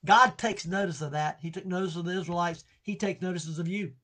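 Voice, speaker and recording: A man teaching a Bible study in an impassioned preaching style. He pleads with his listeners and swings from quiet, low lines to shouted ones. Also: fairly quick.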